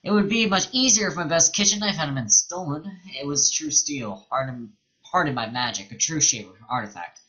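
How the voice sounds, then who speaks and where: A man's voice: on the high side, expressive, moderate pace, bright, forceful tone, pitched above the performer's own voice. A man reading a chatty servile cook woman, muffled. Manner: reads the lines aloud in his own plain voice. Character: busy female servile cook, chatty and kindly.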